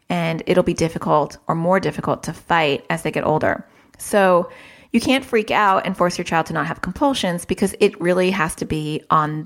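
A woman hosting a parenting podcast, talking frankly and casually and laughing at herself now and then. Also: fairly low pitch. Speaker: podcast host, parenting educator.

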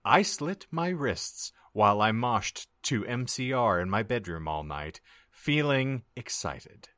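A man hosting a comedy podcast, reading a story aloud in a mock-dramatic way and pausing to joke with his co-hosts. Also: mid-range voice, no room sound, clean studio sound. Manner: lively, mock-dramatic narration. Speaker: podcast host.

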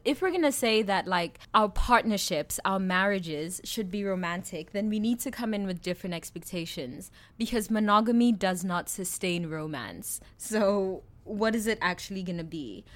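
A woman's voice: medium pitch, lively intonation, moderate pace, hardly any pauses, fairly bright tone. A young woman in casual conversation, thinking aloud about relationships and often saying "like". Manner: reflective, uses filler "like" often. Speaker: conversation partner. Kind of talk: casual chat.

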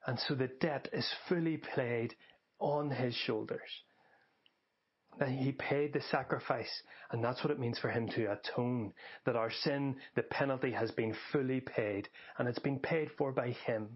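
A man preaching a sermon for a podcast in an earnest, measured way, slowing down to stress key phrases. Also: medium pitch, breathy edge, dull audio.

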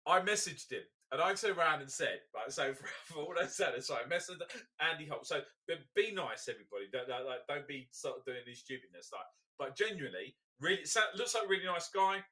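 A man co-hosting a football podcast, joking and swearing in lively banter. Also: on the high side, quick pace. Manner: excitable, swears freely, laughs often. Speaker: podcast co-host. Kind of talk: casual banter.

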